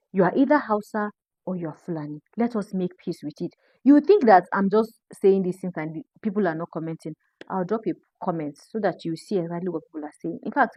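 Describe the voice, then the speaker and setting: A woman's voice: fairly low pitch, a little mellow, no room sound. A woman from northern Nigeria with a Nigerian accent, giving emphatic social media commentary and repeating her points.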